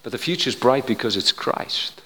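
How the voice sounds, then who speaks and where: An older man preaching a sermon, telling stories conversationally, going quiet and then building to emphatic points. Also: mid-range voice, expressive, normal speed, slight background noise. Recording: long hall reverb.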